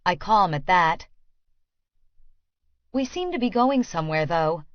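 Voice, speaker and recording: Slow, hushed woman narrating an audiobook. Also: fairly low pitch, lively intonation, no room sound, muffled recording. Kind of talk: first-person audiobook narration.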